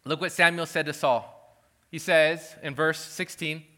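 A man preaching a sermon with a high, bright, forceful voice. He sounds earnest and pleading as he works through a passage, and he often breaks off and restarts his sentences. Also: steady tone, measured pace. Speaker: pastor.

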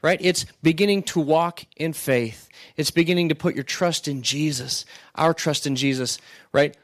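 A man's voice: a little high, dry recording. A man preaching a sermon in a conversational way, often asking "right?" and restarting words. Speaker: pastor.

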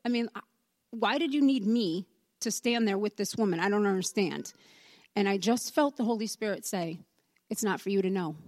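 A woman's voice: medium pitch, normal speed, darkish tone, no echo. Woman telling a church testimony. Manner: conversational storytelling, acts out the dialogue. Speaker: church member giving a testimony. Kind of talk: personal testimony told as a story.

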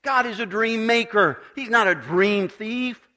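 A man preaching a sermon as pastor, building to emphatic swells and then dropping to quiet, measured lines. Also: high-pitched.

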